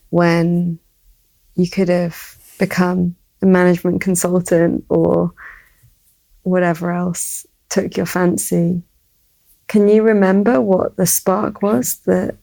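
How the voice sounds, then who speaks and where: A woman hosting a podcast interview, asking gentle, earnest questions. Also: lowish voice, little pitch movement, slow, gravelly. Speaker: podcast host.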